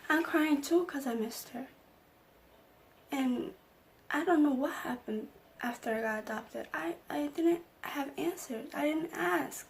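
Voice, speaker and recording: A woman's voice: sits high, gravelly, a little hiss or hum. Young woman telling a personal story. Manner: emotional personal storytelling, acting out quotes. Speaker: vlogger. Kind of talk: storytime vlog.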